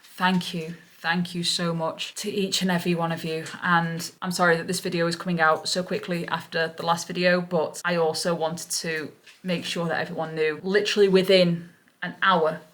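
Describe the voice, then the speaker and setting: A lower-voiced woman vlogger speaks with raw relief. She gushes and circles back to the same words again and again. She sounds emotional throughout. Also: little pitch movement, normal speed, fairly bright tone. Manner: gushing, repeats herself over and over. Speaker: parrot-keeping vlogger. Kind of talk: emotional vlog retelling.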